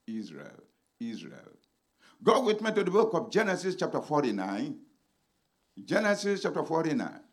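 A man preaching a sermon as a pastor, swinging dramatically between shouted lines and hushed ones. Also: medium pitch.

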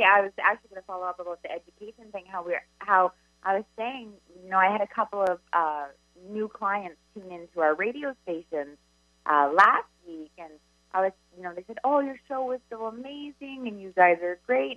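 A woman co-hosting a live spiritual talk radio show as a medium, chatty and animated as she tells stories. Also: medium pitch, no room sound, muffled recording. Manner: chatty, animated storyteller, quick asides. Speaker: psychic medium co-host.

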